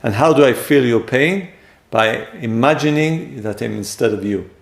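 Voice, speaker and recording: Man, gravelly voice, echoey room, lecture on relationships. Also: mid-range voice, normal speed. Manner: acts out quoted speakers with sudden loud jumps. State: voice a bit strained. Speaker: teacher.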